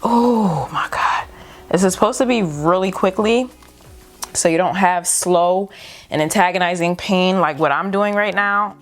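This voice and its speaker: A young beauty vlogger at home speaks at normal speed in a fairly low voice, narrating steps casually. She sounds nervous, exclaims often, and keeps saying "y'all."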